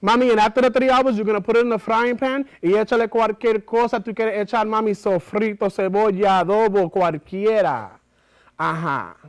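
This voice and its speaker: A man's voice: sits high, brisk, pitched above the performer's own voice, natural voice. A man performing a bossy phone spiritual adviser in a solo theater monologue, with a brassy code-switching manner. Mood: bossy, confiding. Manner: brassy code-switching between Spanish and English, calling everyone mami.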